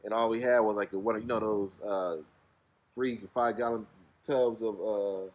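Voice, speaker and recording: A man's voice: lowish voice, steady tone, moderate pace, a little mellow, muffled recording. A man from Ohio, a music manager, telling a rambling road-trip story as a guest on a casual podcast, laid-back and full of slang.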